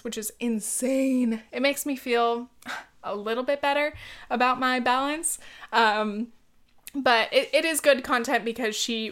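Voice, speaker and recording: Young female vlogger, smooth clear voice, a bit high, chatty and rambling. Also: a bit bright. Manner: rambling, filler-heavy, with many ums and likes. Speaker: YouTuber. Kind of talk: casual chat to camera.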